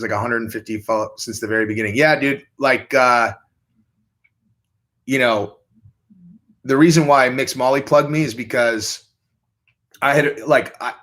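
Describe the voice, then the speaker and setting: A young man hosting a casual livestream, reading viewer questions and rambling in a crude, offhand way. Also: fairly bright tone. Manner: rambling, crude, jumps into high mocking voices when quoting. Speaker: livestream host.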